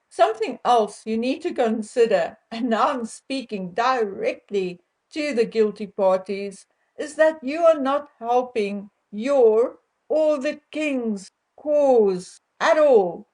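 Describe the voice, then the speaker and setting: A woman with a South African accent, talking straight to her viewers in a measured, indignant and wry monologue. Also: a little high, expressive, a little mellow. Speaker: royal-commentary vlogger.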